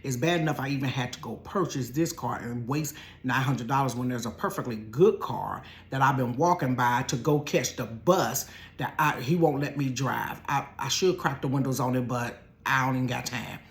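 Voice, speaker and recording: Speaking at a moderate pace in a bass voice, an Ohio woman shares a storytime from her bedroom for her vlog audience. Her tone is chatty and casual as she addresses viewers as "y'all" and "honey." She shifts between quiet asides and loud bursts of laughter.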